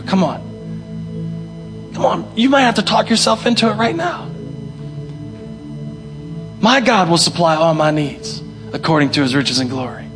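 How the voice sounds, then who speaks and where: A man's voice: a little high, moderate pace, pauses often, over music. A young male pastor preaching a sermon, emphatic and repeating his key phrases. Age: young adult. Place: church hall.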